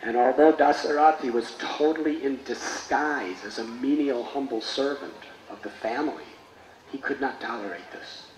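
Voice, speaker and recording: A man's voice: mid-range voice, normal speed. Man telling a sacred story. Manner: reverent, expressive, lively storytelling. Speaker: spiritual teacher. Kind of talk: sermon storytelling. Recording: roomy space with faint noise.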